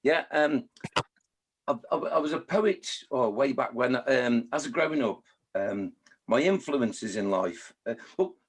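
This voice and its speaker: Husky-voiced chatty storyteller in his sixties. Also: medium pitch, animated, measured pace. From Scotland, raised in Staffordshire. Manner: chatty, self-mocking, mimics voices. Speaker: children's poet and author. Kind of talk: casual interview storytelling.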